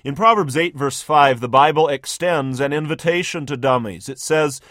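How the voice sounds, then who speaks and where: A man's voice: a little high, moderate pace, a bit bright, dry recording, studio quality. Male radio preacher telling a story. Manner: vivid storytelling, second-person, emphatic. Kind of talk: dramatic scripted sermon narration.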